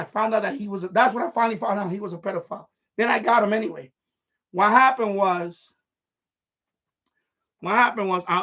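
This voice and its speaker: A high-voiced man rants about a former tenant, swearing freely and getting worked up. His voice is husky and a little breathy. The stream audio sounds dull and lo-fi. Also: sharp tone. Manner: profane, worked-up, laughs a lot. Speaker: live stream host, landlord. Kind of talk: casual storytelling rant.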